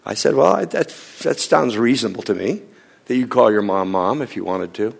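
A man, a pastor, telling a story in a sermon and acting out both sides of a conversation, sometimes dropping to a hushed near-whisper. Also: mid-range voice, animated, a little fast, creaky, husky. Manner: acts out both sides of a dialogue, drops to a hushed near-whisper in tender moments.

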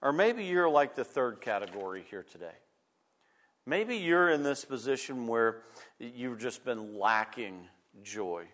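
A man pastor preaching a sermon, emphatic and repeating his key phrases, swinging between loud bursts and quiet moments. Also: mid-range voice, expressive, a little slow.

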